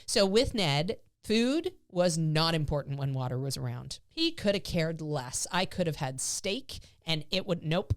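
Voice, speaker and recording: A woman's voice: measured pace, few pauses, no echo, clean studio sound. A woman dog trainer co-hosting a podcast in casual chat, telling stories animatedly and acting out her dog's thoughts. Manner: animated storyteller, acts out dog's thoughts in higher voice.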